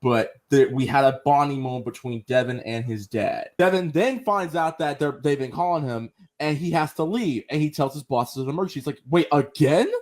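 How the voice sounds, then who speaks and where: A man co-hosting a casual podcast, talking in an animated, slangy way and acting out lines with big jumps in pitch. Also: fairly quick, few pauses. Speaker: podcast co-host. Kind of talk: casual show review chat.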